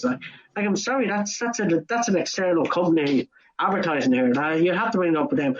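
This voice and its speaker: A young Irish man on a casual podcast, telling a work story in an animated way and acting out both sides in quoted voices. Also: high-pitched, fast talker, highs cut off. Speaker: podcast co-host. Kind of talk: casual chat.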